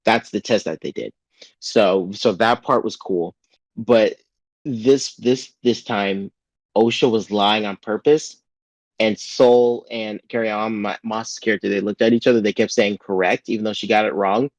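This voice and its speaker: A man recapping a TV episode in casual podcast chat, rambling with lots of "like" and jumping into a high voice to act out lines. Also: steady tone, measured pace, no echo. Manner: rambling, full of "like" and restarts, acts out quotes in a raised voice. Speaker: podcast co-host.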